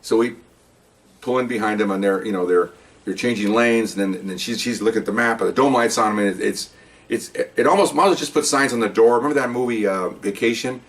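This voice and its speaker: Older ex-cop with a low rambling voice. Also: male voice, fast, far from the mic. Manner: rambling, repeats and restarts words, plain-spoken. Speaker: retired police officer. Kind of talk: casual storytelling to camera.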